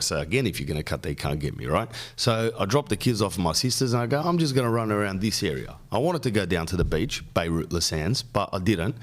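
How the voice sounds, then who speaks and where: Rambling jokey Australian man, lowish voice. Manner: rambling, jokey, riffs on lists. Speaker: podcast host. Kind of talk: casual storytelling monologue.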